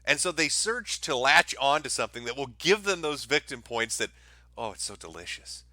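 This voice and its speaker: Sarcastic man with a bright, dry voice. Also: fairly high pitch, animated, normal speed, no room sound. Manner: mocking, sarcastic, profane. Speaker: commentary show host. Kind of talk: sarcastic video commentary.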